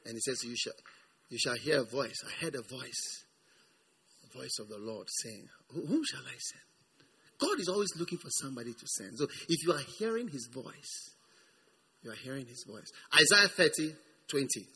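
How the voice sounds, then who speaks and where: A man preaching a sermon with emphasis, repeating words and swinging from hushed reading to shouted lines. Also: medium pitch, big pitch swings, normal speed, breathy edge. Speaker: pastor.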